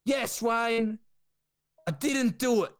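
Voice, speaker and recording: A man impersonating an excitable, sleazy male sports manager with an Australian accent, rambling and crude. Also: very high voice, slow, no echo, pitched above the performer's own voice. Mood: panicked.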